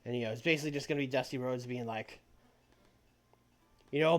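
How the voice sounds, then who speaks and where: A man's voice: medium pitch, fairly quick, long pauses. A male streamer giving rambling casual commentary while playing a management game, with many fillers. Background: music.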